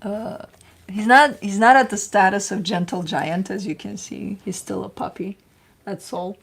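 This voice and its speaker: A woman casually reading tarot cards on a livestream, chatty and rambling, who breaks off to coo at her pets in a high, excited voice. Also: measured pace, gravelly, slightly rough. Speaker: tarot reader.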